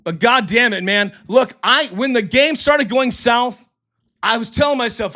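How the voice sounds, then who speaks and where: A middle-aged man hosting a live sports stream, ranting and yelling into his mic with a voice that is going hoarse. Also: very high voice, unhurried. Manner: heated, yelling, profane. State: losing his voice. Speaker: sports livestream host. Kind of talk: ranting live sports commentary, reading chat. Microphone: desk mic for a livestream.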